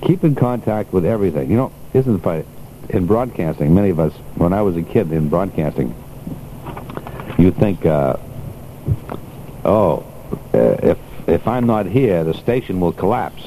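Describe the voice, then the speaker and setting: A man's voice: low-pitched, animated, normal speed, pauses often, dark tone, a little hiss or hum, low-quality recording. An older man hosting a radio show in a casual, chatty way, laughing often and reading items aloud to the listeners. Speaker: radio host.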